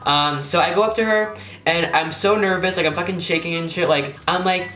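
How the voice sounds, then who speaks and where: A young man with a slightly high-pitched voice tells a casual storytime vlog in a rambling way. He fills his talk with "like" and swears freely. The sound is echoey, as if recorded in a bare room. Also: fairly quick, pushed and bright. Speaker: YouTuber.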